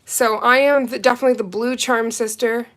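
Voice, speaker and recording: A woman's voice: on the high side, fairly quick. A woman hosting a live nail art stream, chatting casually with viewers and reading out their comments. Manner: chatty, reads and answers viewer comments, excitable. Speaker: nail livestream host. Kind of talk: casual livestream chat with viewers.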